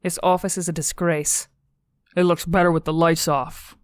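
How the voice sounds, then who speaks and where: A scornful young female cadet who speaks in cutting, contemptuous jabs, voiced by a woman narrating an audiobook. Her voice sits low and firm. The sound is dry and close to the mic. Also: level tone, normal speed, no room sound, lightly acted.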